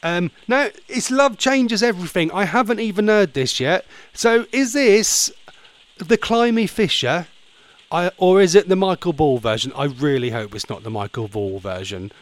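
A man's voice: high voice, normal speed. A man hosting a casual radio show, chatty, rambling and playfully theatrical. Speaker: radio host.

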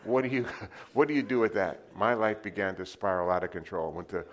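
Deep-voiced older New preacher. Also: male voice, brisk. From New York City. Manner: conversational storytelling with call-and-response to the congregation. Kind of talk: testimony sermon.

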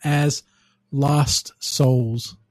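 Husky, rambling young-sounding man. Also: medium pitch, steady tone, extremely slow, no room sound. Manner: rambling, laid-back, swears and laughs at his own ideas. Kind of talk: casual chat.

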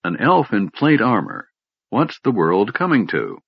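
Big burly warrior who bellows and jokes, read by a man with a low, husky voice on a dull, dry recording. He is boisterous and loud, booming out his lines with easy bluster. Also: huge pitch swings, a little slow, no echo, heavily acted. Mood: joking. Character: huge brawny male warrior, boisterous and joking.

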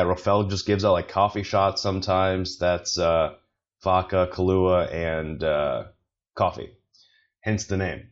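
Rambling, self-deprecating podcast guy, low voice. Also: muffled recording. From not from China, living in Beijing. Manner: rambling, self-deprecating, lots of fillers and restarts. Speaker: podcast host. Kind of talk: casual solo podcast monologue.

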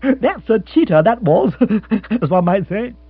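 A man voicing an excitable young male aristocrat who talks in a breezy, flustered, exclamatory way. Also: sits high, normal speed, slightly rough, no echo, pitched above the performer's own voice, full character voice. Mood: chirpy. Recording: tinny phone-like sound with mains hum.

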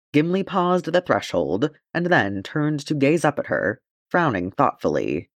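A man narrating a fantasy fan fiction chapter as an audiobook, in an expressive, steady storytelling way. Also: medium pitch, a little slow, hardly any pauses, no room sound, clean studio sound.

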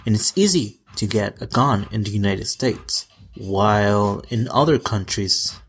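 A man's voice: lowish voice, unhurried, breathy edge. A man in his twenties giving casual pop-culture commentary in a sassy, campy way, swearing freely. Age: 20s. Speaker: vlogger.

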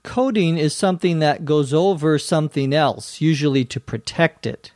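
A man's voice: on the high side, moderate pace, darkish tone, no echo, clean studio sound. A man with a Minnesota accent hosting an English lesson podcast, patiently explaining words and spelling them out. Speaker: English teacher and podcast host.

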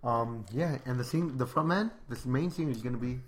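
A man's voice: mid-range voice, brisk. Easygoing man rambling on a podcast. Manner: easygoing, chatty, trails off and loses his thread. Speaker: podcast co-host. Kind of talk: casual entertainment news chat.

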